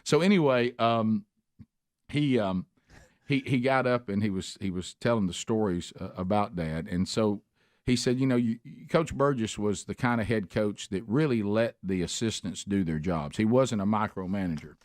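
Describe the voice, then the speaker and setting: A middle-aged man hosts a radio talk show, rambling through a long story with restarts and acting out quotes in sudden high-pitched shouts. His voice sits low, and the sound is dry and close to the mic. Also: moderate pace, no echo.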